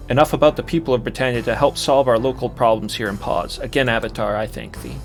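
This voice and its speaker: A man voicing a grateful, gentle mother from a role-playing game, reading her lines in a soft, earnest hush. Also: medium pitch, lively intonation, quick pace, vocal fry, soft background music. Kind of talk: reading game dialogue aloud.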